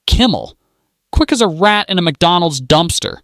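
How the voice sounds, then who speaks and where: A man narrates a scripted celebrity-gossip roast in a mocking, punchline-driven way. His voice sits fairly high and leaps around expressively, and the recording is dry and close. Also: expressive, normal speed, fairly bright tone, no room sound. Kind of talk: scripted sarcastic commentary narration.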